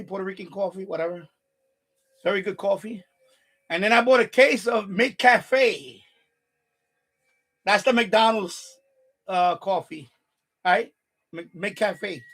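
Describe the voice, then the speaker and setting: A breathless man with a New York accent hosts a casual live stream. He rambles into a rant, stumbling over repeated words. His voice sits fairly high for a man. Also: a bit bright, rough recording.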